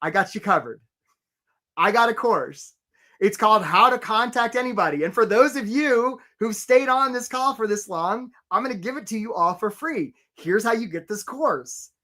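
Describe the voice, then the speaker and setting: A man's voice: sits high, lively intonation, normal speed, sharp tone. Upbeat man hosting a live webinar. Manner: chatty and upbeat, addressing viewers by name. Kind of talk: energetic live webinar presentation.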